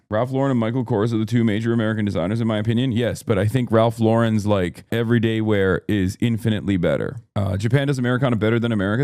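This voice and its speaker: A man's voice: fairly low pitch, a little mellow, no echo, studio quality. A man in his thirties chatting casually on a livestream, blunt and profane, ranting at his chat. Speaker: streamer.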